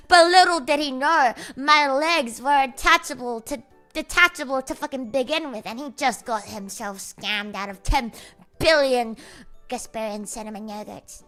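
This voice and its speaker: A woman's voice: sits high, normal speed, fairly bright tone. A young woman streamer in casual chat, playful and giggly, rambling through absurd jokes. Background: faint music.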